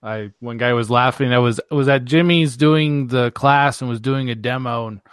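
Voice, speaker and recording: A man's voice: medium pitch, normal speed, clear, resonant tone, dry recording, studio quality. A man with a slight Colorado twang, easygoing as he tells a story. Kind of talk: casual chat.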